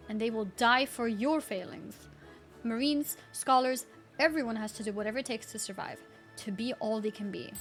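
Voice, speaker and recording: A woman reading out the lines of a gruff male marine drill sergeant who barks insulting orders. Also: a little high, natural voice.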